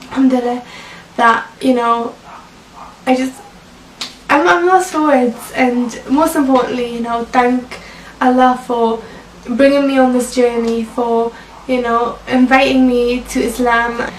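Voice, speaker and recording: A woman's voice: fairly high pitch, fairly even intonation, a little slow, slight background noise. A young woman telling a personal story to the camera in an emotional, chatty way, full of "like" and "you know". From Britain. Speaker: vlogger. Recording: echoey room, mic at a distance.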